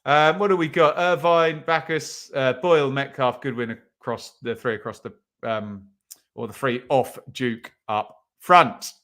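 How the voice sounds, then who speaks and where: A man's voice: mid-range voice, fairly even intonation, measured pace, fairly bright tone. A young man hosting a live football watch-along stream, chatting with viewers, reading out their comments and often saying um. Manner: chatty, reads out chat comments, many ums.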